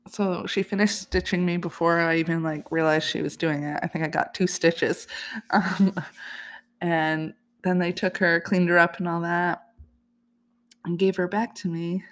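A woman's voice: fairly low pitch, level tone, a little slow. A woman hosting a podcast, telling a personal story in a chatty, casual way and laughing often. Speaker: podcast host.

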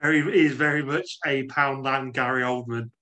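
A man's voice: mid-range voice, steady tone, moderate pace, sharp tone. A man co-hosting a podcast, making dry, wry remarks about a film and often repeating his openings. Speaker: podcast co-host. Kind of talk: casual chat, film review.

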